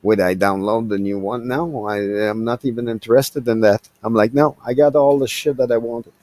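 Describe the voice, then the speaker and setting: A man's voice: medium pitch, fairly even intonation, normal speed, a little mellow, dry recording. A man from Quebec chats on a video call, his voice dry and close with no room sound. He rambles, stumbling over repeated words before getting his point out. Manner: rambling, stammering restarts. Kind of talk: casual group chat over a call.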